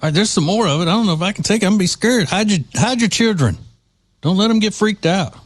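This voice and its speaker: Lively mocking male podcast host. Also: high voice, fast talker. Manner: mocking, sarcastic, chatty asides. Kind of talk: political commentary podcast.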